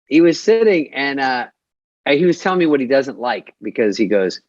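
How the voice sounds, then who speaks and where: A man's voice: medium pitch, very animated, moderate pace, dry recording. A man co-hosting a podcast, telling a rambling story that keeps interrupting itself. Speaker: co-host. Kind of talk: casual podcast chat. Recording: dull, dry muffled mic.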